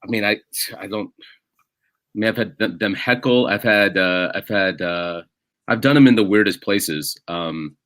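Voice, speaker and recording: A man's voice: lowish voice, measured pace, a bit bright. A man, a comedian, chatting as a podcast guest, telling jokey stories with lots of restarts. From United States. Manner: rambling, jokey storytelling with many restarts. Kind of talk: casual podcast chat.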